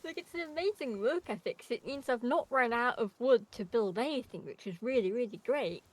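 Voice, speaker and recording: Tired, quiet woman streamer. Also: fairly high pitch, expressive, a little fast, poor audio. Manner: quiet, laughs often, speaks softly right into the mic. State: tired, low energy. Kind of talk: casual gaming chat. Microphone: desk microphone at close range.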